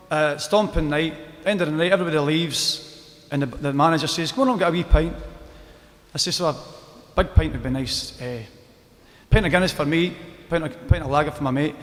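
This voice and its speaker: A man's voice: fairly high pitch, a bit bright, big-room sound. A Scottish man, a folk singer telling rambling stories between songs at an outdoor gig, breaking into song now and then. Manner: chatty, rambling, bursts into song. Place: outdoor square at a live event.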